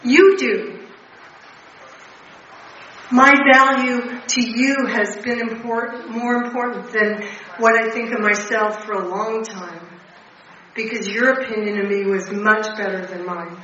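Older lady sharing at a recovery meeting, blunt and earnest, bright voice, far off mic in a super echoey hall. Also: fairly high pitch, steady tone, unhurried, a little hiss or hum. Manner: emotional, earnest, blunt with profanity. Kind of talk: personal recovery talk. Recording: distant, echoey, muffled hall recording.

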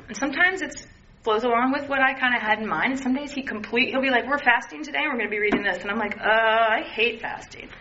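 In her thirties, a woman gives a candid, earnest testimony about her recovery, chatting casually and acting out the voices she quotes. Her mid-range voice sounds bright and forceful, and the lo-fi recording is dull with faint noise.

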